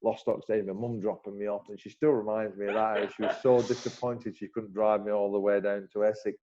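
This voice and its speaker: A man, a former cricketer as interview guest, telling animated stories with many restarts. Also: fairly low pitch, fairly quick, a little hiss or hum. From Bolton, northern England. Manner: animated anecdotes, frequent restarts, acts out dialogue. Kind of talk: casual interview storytelling. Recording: slightly muffled recording.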